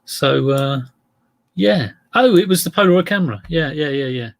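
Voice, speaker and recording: A man's voice: fairly high pitch, expressive, moderate pace, gravelly. A middle-aged man chatting casually on a live stream as an eBay reseller, rambling and greeting viewers by name.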